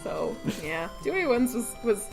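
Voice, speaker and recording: A woman in her late twenties co-hosting a casual podcast, animated, laughing often and acting out little quotes. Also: a little high, unhurried, vocal fry, soft background music. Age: late 20s. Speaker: podcast co-host.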